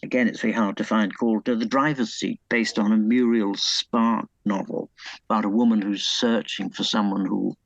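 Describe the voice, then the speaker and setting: A man's voice: on the low side, steady tone, normal speed, creaky, dry recording, highs cut off. A man being interviewed about his book, hesitant and full of fillers and restarts, enthusing about old films. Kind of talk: conversational interview.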